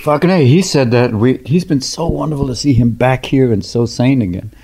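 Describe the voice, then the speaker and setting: A man guesting on a podcast as a comedian, riffing quickly and slipping into impressions and character voices in casual conversation. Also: mid-range voice, mellow, slight background noise.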